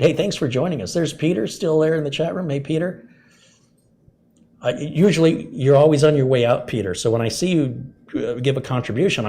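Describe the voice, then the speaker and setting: A man's voice: mid-range voice, mellow. A man hosting a live tech stream, chatting with viewers, reading out their messages and explaining fixes step by step. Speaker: tech channel host. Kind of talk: live-stream chat, answering viewer questions.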